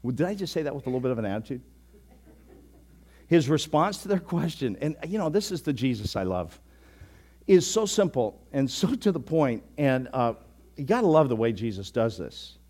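Animated preacher with a lively voice. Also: male voice, mid-range voice, moderate pace. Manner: conversational, animated, sudden bursts of emphasis. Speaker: pastor. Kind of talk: sermon.

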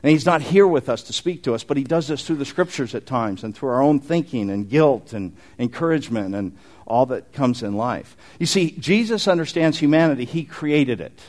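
Animated male preacher, lively pitch. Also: normal speed. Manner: animated, conversational preaching with asides to the congregation. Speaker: pastor. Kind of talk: sermon.

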